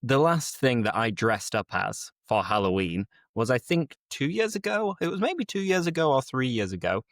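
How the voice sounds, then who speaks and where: A man co-hosts a language-learning podcast in a relaxed, teacherly way, now and then dropping into Spanish. His voice rises and falls a lot as he talks. The sound is close and dry, with no room around it. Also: medium pitch, normal speed, no echo. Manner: lively, teacherly, drops in Spanish phrases. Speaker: podcast co-host and English teacher. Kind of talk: casual chat.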